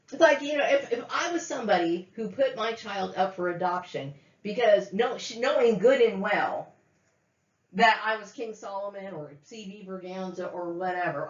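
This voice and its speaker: A woman's voice: mid-range voice, expressive, normal speed. A woman delivering an angry, profane monologue, repeating herself and tagging lines with "okay?". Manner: profane, repetitive, many "okay?" fillers. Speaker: vlogger. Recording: echoey room, dull lo-fi sound.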